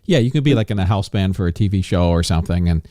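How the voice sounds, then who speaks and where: Low-voiced male podcast host, easygoing, dry close sound. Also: animated, fast talker, mellow, dry recording. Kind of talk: casual interview chat.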